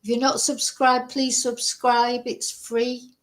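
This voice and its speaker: A woman's voice: on the high side, level tone, slow. A middle-aged woman, a true crime channel host, telling a rambling, chatty story with frequent laughs and self-interruptions.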